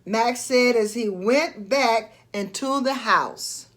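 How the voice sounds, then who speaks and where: Storyteller: woman reading a storybook aloud, high, lively, slow. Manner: expressive, slow read-aloud.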